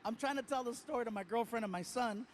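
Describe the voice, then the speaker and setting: Male stand-up comic, very high voice, lively storyteller who slips into character voices. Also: fast talker, slight background noise. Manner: animated, playful voice impressions of people in his story. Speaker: stand-up comedian.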